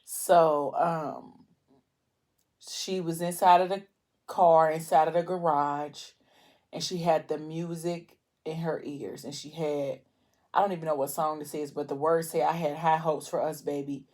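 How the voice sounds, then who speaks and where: A woman's voice: deep voice, flat delivery, a little slow, darkish tone. A woman vlogger retelling a novel's plot in a casual, emotional way, with lots of fillers. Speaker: book vlogger. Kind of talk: casual book recap while eating.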